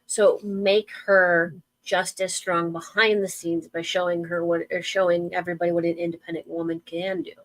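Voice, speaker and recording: A woman's voice: fairly low pitch, little pitch movement, normal speed, hardly any pauses, fairly bright tone, no room sound, poor audio. A woman co-hosting a casual wrestling talk show, talking with gushing enthusiasm. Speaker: podcast co-host.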